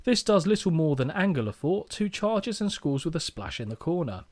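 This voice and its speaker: A man's voice: a little high, very animated, moderate pace, a little mellow. A young man co-hosting a podcast, reading a match recap with playful asides. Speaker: podcast co-host.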